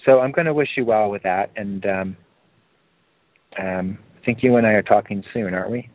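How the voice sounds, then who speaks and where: A man leading a group coaching call, talking in a calm, encouraging way and lifting his pitch to stress a point. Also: normal speed, dry recording. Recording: narrow phone-like line.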